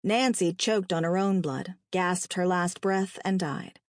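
A woman reading a dark story aloud with a dramatic, expressive delivery. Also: on the low side, measured pace, no room sound, studio quality. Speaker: narrator.

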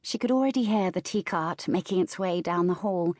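A woman reading a historical romance audiobook in a measured, expressive way. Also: on the low side, no echo, studio quality. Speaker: audiobook narrator. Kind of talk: scripted narration.

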